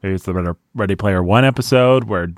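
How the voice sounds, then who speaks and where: A man's voice: fairly low pitch, fast talker, dry recording, studio quality. A man hosting a podcast, upbeat and joking in casual chat. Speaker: podcast host.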